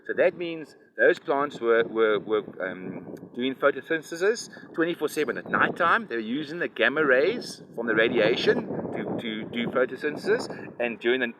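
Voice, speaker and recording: A man's voice: medium pitch, big pitch swings, moderate pace. A man explaining nature to a child outdoors by a river, rambling and often asking "right? you understand?". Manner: lecturing, keeps checking "right? you understand?". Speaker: environmental activist explaining to a child. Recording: loud wind noise outdoors.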